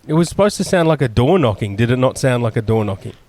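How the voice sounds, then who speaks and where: A man co-hosting a casual comedy podcast with deadpan, contrary interjections. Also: medium pitch, fast talker. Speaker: podcast co-host.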